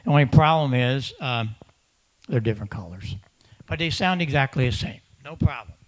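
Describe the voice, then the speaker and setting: A man's voice: medium pitch, animated, moderate pace. A man giving an emphatic conference talk to an audience of ham radio operators, repeating words for stress and acting out the voices of other hams. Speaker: presenter at a ham radio symposium. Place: conference room in front of an audience.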